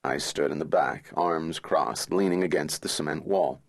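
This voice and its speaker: A man reading a thriller audiobook in the first person, measured and somber. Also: rumbling low. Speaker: audiobook narrator.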